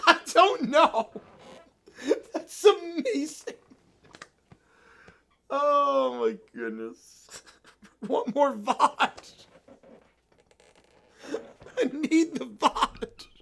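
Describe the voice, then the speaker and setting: A woman streamer talks through a live reaction with a high, swooping voice that climbs and dips all over. She keeps an unhurried pace but stays excitable, tossing out exclamations as she comments. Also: vocal fry. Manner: animated, excitable, breaks into exclamations. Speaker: livestream host.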